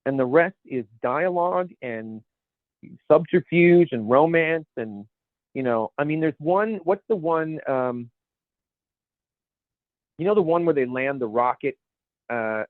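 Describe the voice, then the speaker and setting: A podcast co-host chats casually, rambling and groping for words as he talks. His mid-range voice moves a little slowly, and the dry recording has a narrow, phone-like sound.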